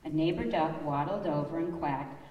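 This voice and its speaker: A woman telling children a story in church, reading a storybook slowly and expressively. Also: sits low, highs cut off. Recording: echoey church hall, far off.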